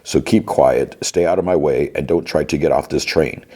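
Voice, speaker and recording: A man voicing a grim middle-aged male hijacker who gives measured, firm orders. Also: a bass voice, dark tone, slightly rough. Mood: stern. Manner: measured threats, clipped and firm.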